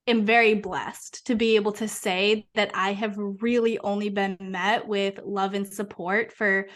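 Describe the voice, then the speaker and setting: A young woman from Massachusetts, a podcast guest, telling her story in an earnest, animated, casual way. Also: medium pitch. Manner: earnest, animated, uses many fillers. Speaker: podcast guest, hypnotherapist and coach.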